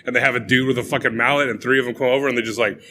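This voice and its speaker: Animated, swearing young man. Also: medium pitch, rapid-fire, a little hiss or hum. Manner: profane, animated retelling with acted-out quotes. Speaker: podcast co-host. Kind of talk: casual chat.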